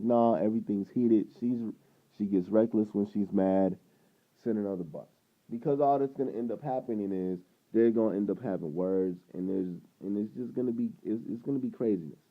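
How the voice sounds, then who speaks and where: A man vlogging, casually retelling a frustrating run-in, rambling and animated, acting out what people said. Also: lowish voice. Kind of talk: casual storytelling to camera. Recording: tinny phone-like sound.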